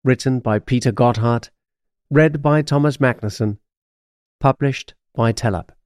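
A man reading a children's audiobook aloud in an expressive storytelling manner. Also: medium pitch, a little slow, no echo, studio quality. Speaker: audiobook narrator.

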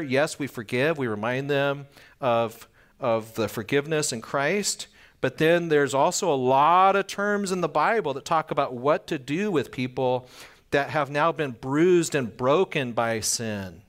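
Guy preaching, chatty, checks in w the listeners, middle pitch. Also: a bit bright. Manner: acts out little scenes with quick voice changes; conversational, asks the listeners questions. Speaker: pastor. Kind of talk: sermon.

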